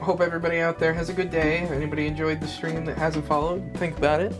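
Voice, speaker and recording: Relaxed streamer signing off over music. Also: medium pitch, rapid-fire. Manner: relaxed, rambling, chuckling sign-off. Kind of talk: casual live-stream chat. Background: background music.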